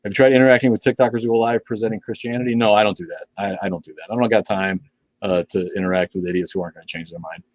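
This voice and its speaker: A man's voice: fairly low pitch, steady tone, racing, low-quality recording. An older man hosting a live stream, reading viewer comments in blunt, profane, sarcastic casual chat.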